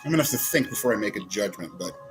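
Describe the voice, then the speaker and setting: A man with a lowish, lively voice races along in a fairly bright tone, chatting casually as he reviews toy figures. He rambles and keeps interrupting himself, muttering to himself while he poses them. Soft music plays behind him, and the recording is rough.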